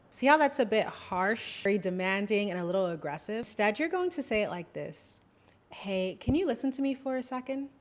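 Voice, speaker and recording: A young woman giving advice to camera in a slow, deliberate, gentle manner. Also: lowish voice. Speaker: YouTuber giving femininity advice. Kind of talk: speaking-to-camera advice lesson.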